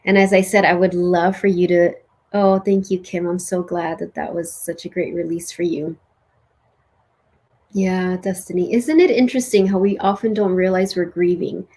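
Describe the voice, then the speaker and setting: A woman with a mellow, slightly breathy voice leads a spiritual ceremony. She speaks slowly and gently in the guided parts. Between them she chats loosely with the group and often fills her sentences with "like.". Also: lowish voice, fairly even intonation. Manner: soft, slow and soothing in meditation; chatty with many "like"s. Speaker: spiritual teacher leading a ceremony. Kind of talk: guided meditation and casual talk. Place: live online session with chat.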